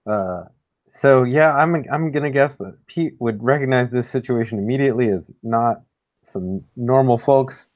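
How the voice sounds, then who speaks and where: A man's voice: medium pitch, moderate pace, a little mellow, muffled recording. A man playing a tabletop game, thinking aloud and tentative as he decides what his character does. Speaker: player. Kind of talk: casual tabletop play.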